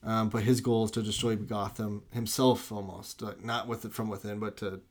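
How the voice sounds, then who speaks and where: A man with a fairly low voice talks loosely and eagerly about films. He circles back and restarts his sentences often. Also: level tone, moderate pace. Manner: rambling, full of "like" and restarts; enthusiastic. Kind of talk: casual movie chat.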